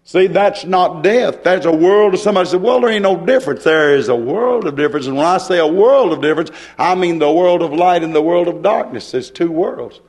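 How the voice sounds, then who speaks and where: A man preaching a fervent sermon, hollering and getting excited, mimicking hecklers and answering them. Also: fairly high pitch, a little fast, hardly any pauses.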